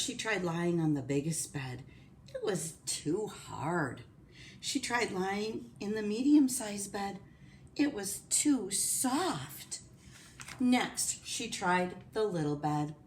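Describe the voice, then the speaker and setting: A woman reading a picture book aloud to children, slow and expressive. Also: medium pitch, a little hiss or hum. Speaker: storyteller.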